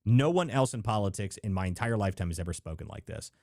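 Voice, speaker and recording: A man's voice: on the low side, animated, fast talker, a little mellow, no echo, studio quality. A man hosting a live political talk stream, rambling and emphatic, leaning hard on "like" as he opinionates. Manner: rambling, emphatic, heavy use of "like". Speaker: livestream political show host. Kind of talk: casual political commentary.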